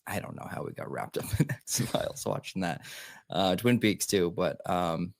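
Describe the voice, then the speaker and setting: A young man as a podcast guest, easygoing and playful in quick banter. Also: sits low, no echo, studio quality. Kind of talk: casual podcast chat.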